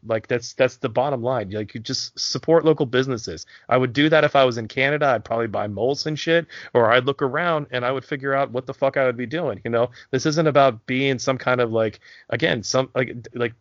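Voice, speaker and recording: A podcast co-host from south central Pennsylvania chats loosely and with plenty of profanity, rambling, restarting sentences and leaning on fillers. His pitch is average. The recording is dry and slightly dull.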